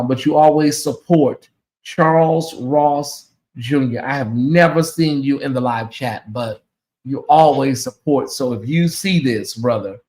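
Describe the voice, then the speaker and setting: A man hosting a casual livestream, talking straight to his viewers in a sassy, animated way, thanking supporters and teasing his critics. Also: medium pitch. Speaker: livestream host.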